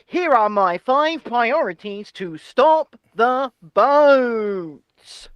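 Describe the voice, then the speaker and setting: Mock-solemn male politician, as a man parodies him; slow, lofty, muffled dry recording. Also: very high-pitched, lively intonation, a bit bright, clear, resonant tone, no room sound, full character voice. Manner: slow, grave, over-solemn delivery. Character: male prime minister, stiff and self-serious.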